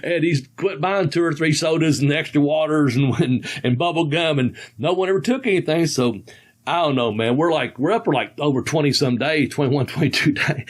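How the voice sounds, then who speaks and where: A man in his sixties, a podcast host, telling stories in a rambling, folksy way with frequent chuckles. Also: fairly high pitch. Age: 60s. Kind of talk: casual storytelling.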